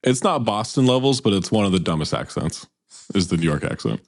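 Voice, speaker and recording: A man's voice: fairly low pitch, very animated, fairly quick. A man co-hosting a podcast in casual chat, blunt and given to crude jokes. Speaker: podcast co-host.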